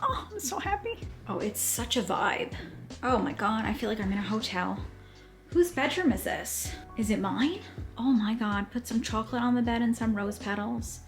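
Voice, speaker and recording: A woman's voice: a little high, moderate pace, faint music behind. A young woman vlogging casually at home, gushing and a little dramatic as she talks to the camera. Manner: gushing, self-aware dramatic. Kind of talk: casual vlog talk to camera. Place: home bedroom, indoors.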